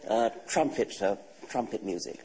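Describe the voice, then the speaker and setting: Low, mellow older English man. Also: lively intonation, slight background noise, low-quality recording. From England. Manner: measured, dry, matter-of-fact. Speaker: guest author. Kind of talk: TV talk show interview. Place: TV studio.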